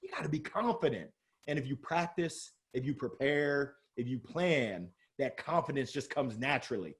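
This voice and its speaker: A man speaking as an interview guest about sales, lively and joking, with strong emphasis. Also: medium pitch, moderate pace. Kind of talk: energetic motivational interview talk.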